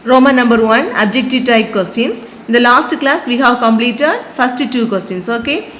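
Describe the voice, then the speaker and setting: Slow-dictating woman teacher, fairly high voice, spells words letter by letter, faint hiss behind. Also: a bit bright, poor audio. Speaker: primary school teacher. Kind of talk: slow dictated classroom lesson.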